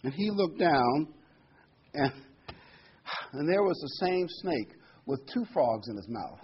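A man's voice: fairly high pitch, big pitch swings, slow pace, muffled recording, a little hiss or hum. A man preaching a sermon, reading Bible verses aloud and explaining them with folksy asides and a joke.

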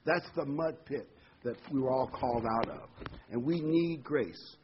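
A man's voice: medium pitch, a little slow, dull audio, a little hiss or hum. A man preaching a folksy, rambling sermon full of homely examples and corny jokes.

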